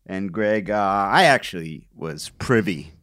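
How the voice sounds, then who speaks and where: Rambling, animated podcast co-host. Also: male voice, low voice, measured pace, dry recording, studio quality. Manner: rambling, playful, breaks into goofy put-on voices. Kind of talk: casual chat about crossword puzzles.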